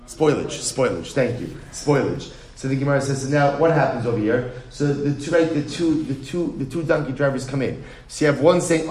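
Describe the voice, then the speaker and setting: A man's voice: medium pitch, moderate pace. A man teaching a Talmud class, often asking a question and then answering it himself. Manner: animated, asks and answers his own questions. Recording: echoey room.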